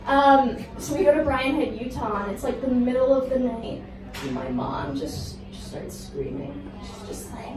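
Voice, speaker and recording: A woman's voice: high voice, expressive, moderate pace, crowd noise. A young woman doing a stand-up comedy set, chatty and self-deprecating, often laughing through her lines. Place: performance venue with audience. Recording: echoey room from far off.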